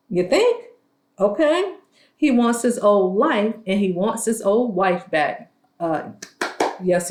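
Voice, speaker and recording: A woman giving a casual, sassy recap of a reality show, gossiping and acting out what the cast said. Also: a little high. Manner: sassy, gossipy, acts out quotes in shifting voices. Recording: roomy echo.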